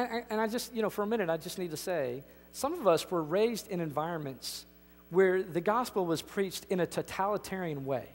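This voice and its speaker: A man preaching a sermon as pastor, emphatic and conversational, often restarting his sentences. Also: sits high. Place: church sanctuary. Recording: reverberant church hall.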